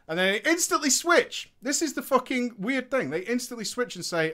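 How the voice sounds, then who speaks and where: Animated, indignant man telling a story. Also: extremely high pitch, fairly quick, hardly any pauses. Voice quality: animated, indignant, swears freely. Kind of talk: casual personal storytelling.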